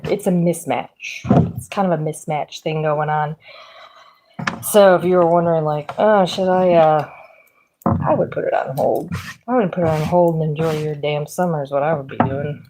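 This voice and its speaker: A woman's voice: deep voice, warm tone, poor audio. A woman with a Midwestern accent giving a casual, rambling tarot reading, chatty, laughing often and using lots of fillers. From Pennsylvania. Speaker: tarot reader.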